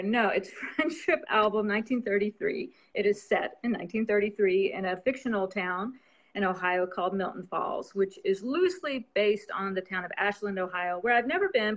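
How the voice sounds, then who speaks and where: A woman's voice: medium pitch, moderate pace. A woman novelist chatting casually as an interview guest, rambling and laughing often.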